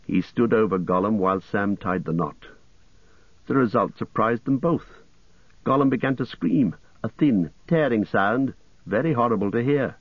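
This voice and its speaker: A man narrating a story aloud in a steady, measured reading voice. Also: on the low side, slightly rough, no room sound. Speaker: audiobook narrator. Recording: muffled lo-fi audio, dry.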